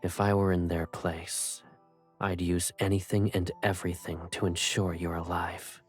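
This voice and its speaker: An actor playing a devoted, protective young man in a video game, speaking slowly and solemnly with a soft husky voice. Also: sits low, level tone, soft background music.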